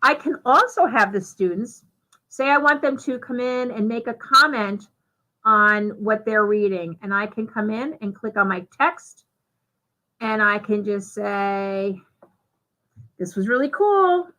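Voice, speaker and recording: A woman giving a live software demonstration, talking through each step in a chatty way with fillers. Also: mid-range voice, a little slow, low-quality recording. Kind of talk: live software demo walkthrough.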